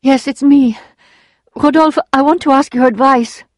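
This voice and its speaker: A woman's voice: measured pace, no echo. A woman doing a desperate young woman in tears. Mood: anxious. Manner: high, strained, tearful pleading. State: weeping.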